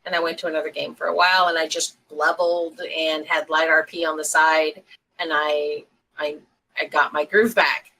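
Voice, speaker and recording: A woman co-hosting a gaming podcast, talking in a relaxed, matter-of-fact way. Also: sits low, moderate pace, slight background noise, rough recording. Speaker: podcast co-host. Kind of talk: casual chat.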